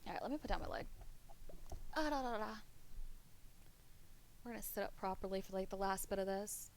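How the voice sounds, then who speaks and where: A woman streaming a game, chatting casually with her viewers, brash and quick to swear. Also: medium pitch, fairly even intonation, darkish tone, slight background noise. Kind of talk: casual gaming stream chat.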